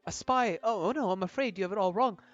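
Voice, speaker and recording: A man voicing an eager young woman adventurer who is a gushing superfan, breathless and excitable. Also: high voice, fast, highs cut off, soft background music, pitched above the performer's own voice, lightly acted. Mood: pleading.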